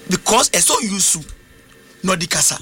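A man's voice: sits high, sing-song, a little fast, pushed and bright. A man preaching a sermon, emphatic, repeating his key phrases.

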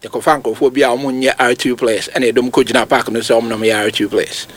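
A man with a Ghanaian accent giving emphatic, animated football commentary on a talk show, his voice jumping high at points of emphasis. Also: racing. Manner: emphatic, animated, rising to sudden high outbursts. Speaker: football pundit. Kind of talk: radio sports talk, mixing Twi and English.

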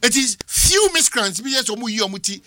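A man's voice: very high voice, very animated, fairly quick, sharp tone. A man with a Ghanaian accent speaking as a radio talk show panelist, impassioned and repeating his points over and over while mixing English with Twi. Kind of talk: heated radio discussion.

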